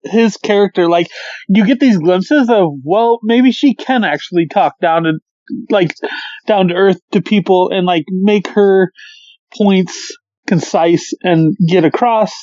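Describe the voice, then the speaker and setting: A mid-pitched podcast co-host picking apart a film in casual chat. They sound incredulous, swear freely and laugh often. The recording is dry and somewhat dull. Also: unhurried, darkish tone, no echo. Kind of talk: casual movie review chat.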